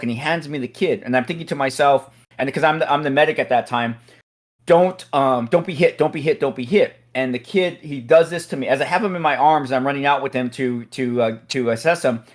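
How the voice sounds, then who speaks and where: A man hosting a casual chat, telling a police story in an animated way and getting loud at the punchlines. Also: mid-range voice, fast. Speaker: host, SWAT officer.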